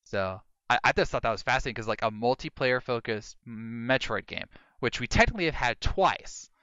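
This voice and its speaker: Bright, crisp-voiced male podcast host. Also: a little fast, no room sound, highs cut off. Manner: animated storyteller, mimics commenters in high voices. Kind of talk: casual podcast chat.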